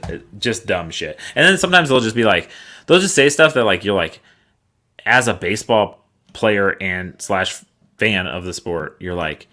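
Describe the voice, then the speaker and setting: This man co-hosts a casual podcast and talks in a bright, forceful way at a lowish pitch. He tells profane, animated stories and drops into mocking impressions of other people. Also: normal speed. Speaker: podcast co-host.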